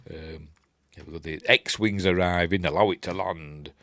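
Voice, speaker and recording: A man's voice: low voice, steady tone, moderate pace, fairly bright tone, no room sound, studio quality. A Yorkshire man talking casually about a film as its reviewer, rambling and correcting himself with chuckles and asides. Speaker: film reviewer, channel host.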